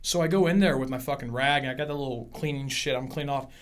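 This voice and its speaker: A man's voice: mid-range voice, fast. A man in his twenties hosting a casual podcast, swearing often and acting out customers as he tells work stories. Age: 20s. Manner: profane, animated, acts out customers in retelling. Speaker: podcast host. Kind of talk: casual chat, storytelling.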